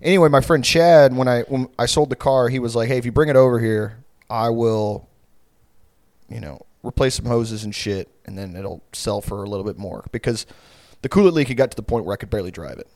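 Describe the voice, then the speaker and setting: A man's voice: medium pitch, a little fast, a little mellow, dry recording. Rambling, profane young man, dry close sound. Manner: rambling, profane storytelling with frequent fillers. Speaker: podcast co-host. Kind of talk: casual chat.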